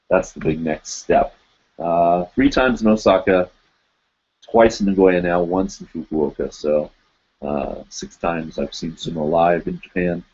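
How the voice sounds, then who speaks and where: A man's voice: low voice, darkish tone. Rambling lo-fi livestream host, man. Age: adult, teaches in Japan. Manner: rambling, laughs often, many fillers. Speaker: host of a live web show. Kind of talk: casual live-stream chat reading comments.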